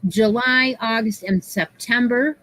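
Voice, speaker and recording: A woman co-host with a New York accent, chatting excitedly on a live craft show. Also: fairly high pitch, a little slow, no echo, rough recording. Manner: excitable, laughs often. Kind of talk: casual live-stream chat.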